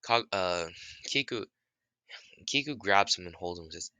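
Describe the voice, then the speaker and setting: A man's voice: deep voice, animated, moderate pace, long pauses, bright, forceful tone, no room sound. A man casually retelling a made-up story, rambling with restarts and the odd curse.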